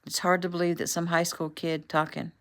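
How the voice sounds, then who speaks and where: A woman voicing a calm male federal agent who talks in a matter-of-fact way. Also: on the low side, fairly quick. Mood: steady.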